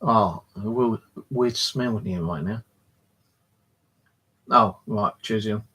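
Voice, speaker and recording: A man hosting a live stream from his flat, chatting casually in a rambling, jokey way and swearing freely. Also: lowish voice, takes it slowly, husky. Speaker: live streamer and paranormal channel host.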